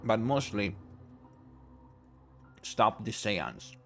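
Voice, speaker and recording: A man streaming a video game, talking casually in a halting way with many restarts. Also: on the low side, very animated, creaky, a bit bright. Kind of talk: casual gameplay commentary. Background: faint game music.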